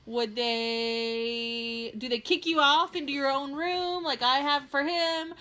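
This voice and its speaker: A woman's voice: high voice, fairly even intonation, slow pace, bright, forceful tone. A woman co-hosting a casual home vlog, chatty and bubbly, sometimes stretching her words out. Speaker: co-host. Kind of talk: casual chat. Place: home in Texas.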